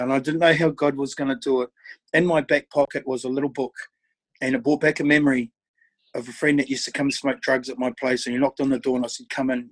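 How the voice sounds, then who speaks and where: A man's voice: mid-range voice, rough recording. A middle-aged man, a podcast guest earnestly telling his life story and acting out past conversations. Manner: earnest storytelling with quoted dialogue, often dropping quiet.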